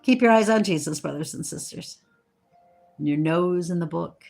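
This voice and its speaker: A woman slowly reading scripture aloud, earnest, stumbling over hard names and adding eager comments of her own. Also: lowish voice, vocal fry, faint music behind. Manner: excited asides about the text. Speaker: Bible reader.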